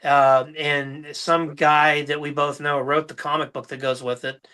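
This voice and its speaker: A middle-aged man hosts a casual podcast chat. His voice is fairly high and bright. He tells stories with energy and slips into other people's voices as he goes. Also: a little slow, smooth. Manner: storytelling, animated, mimics voices in anecdotes. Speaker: podcast host.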